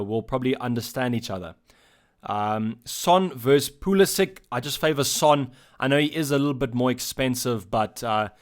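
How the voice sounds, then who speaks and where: A South African man hosts a relaxed live stream from his own channel. He reads viewers' chat messages aloud and answers each in turn. His delivery is loose and halting, at an ordinary mid pitch for a man.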